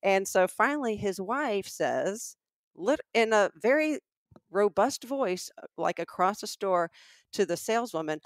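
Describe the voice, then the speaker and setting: A middle-aged woman from Alabama with a Southern accent, co-hosting a podcast and telling an animated story. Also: mid-range voice, measured pace, no room sound, clean studio sound. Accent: Southern American. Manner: animated storyteller acting out quotes. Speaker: podcast co-host. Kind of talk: casual storytelling chat.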